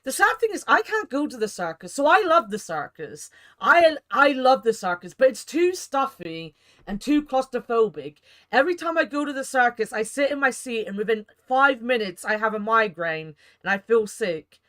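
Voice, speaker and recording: A woman's voice: a little high, big pitch swings, moderate pace, a bit bright. A woman streamer chatting casually and rambling animatedly while playing a game. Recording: game music underneath.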